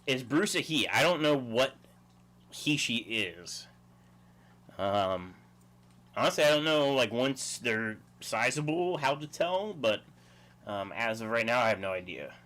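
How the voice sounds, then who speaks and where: Livestream host, male, easygoing, chuckly, mid-pitched, rambling chat. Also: big pitch swings, measured pace, a bit bright.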